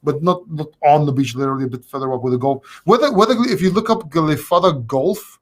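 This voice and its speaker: A man who was born in London, a guest chatting casually from home, easygoing and joking and quick to agree. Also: a little high. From born in London, living in Greece. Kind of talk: casual chat.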